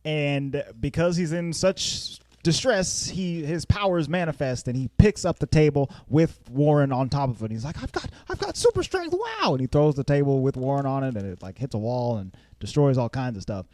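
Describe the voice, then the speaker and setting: A man's voice: medium pitch, normal speed, hardly any pauses, mellow, no echo. A man hosting a casual movie review podcast, laughing often and acting out characters in goofy voices. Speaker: podcast host.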